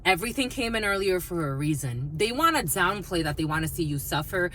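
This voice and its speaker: A woman giving a casual collective tarot reading, mixing personal stories with blunt, animated talk and plenty of swearing. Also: lowish voice, fairly quick, a little hiss or hum. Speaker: tarot reader.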